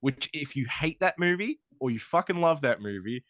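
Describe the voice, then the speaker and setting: A man's voice: a little high, dry recording, studio quality. A man co-hosting a comic book podcast, chatting casually with lots of laughter and strong opinions. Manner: animated, laughing, quick opinions. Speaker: podcast co-host. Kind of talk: casual chat.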